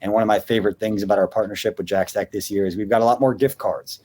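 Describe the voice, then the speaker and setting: Man in his thirties, low-pitched, chatty podcast co-host who rambles with lots of fillers. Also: steady tone, fast, mellow. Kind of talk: casual sports podcast chat.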